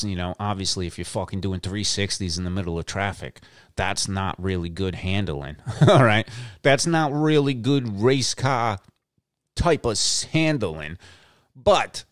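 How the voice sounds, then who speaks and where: A man's voice: fairly low pitch, no room sound, clean studio sound. A middle-aged man hosting a show, talking in a brash, swaggering, profane monologue and repeating lines for emphasis. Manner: brash, swaggering, heavy cursing. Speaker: podcast host.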